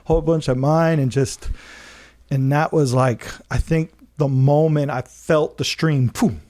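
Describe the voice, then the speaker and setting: A man on a podcast telling a personal story in a casual, animated way, laughing often and acting out what people said. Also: fairly high pitch, unhurried. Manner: many fillers and restarts.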